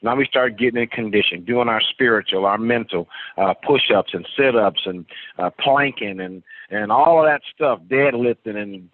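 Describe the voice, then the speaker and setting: A man's voice: medium pitch, normal speed, dry recording. A man leading a motivational conference call, giving a preachy pep talk that builds with long lists. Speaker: team leader. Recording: tinny phone line.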